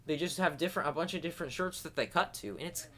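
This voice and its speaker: A man co-hosting a casual movie review chat, giggly and animated, on a close mic. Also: on the high side, fast talker. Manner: giggly, animated, interrupts often. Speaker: podcast co-host.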